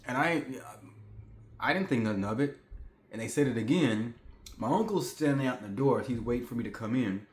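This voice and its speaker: A man's voice: mid-range voice, animated, fairly quick. Guy in his 40s just chatting to the camera at home, casual, rambly, room's pretty echoey. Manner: chatty, repeats himself, talks straight to viewers. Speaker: vlogger. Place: indoors at home. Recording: echoey room.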